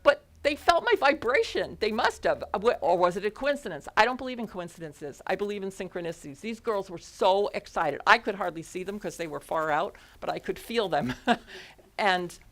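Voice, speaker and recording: Woman minister telling a lively story. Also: medium pitch, fairly quick. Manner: animated storytelling with frequent laughs. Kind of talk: sermon. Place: church service before a congregation. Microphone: headset mic.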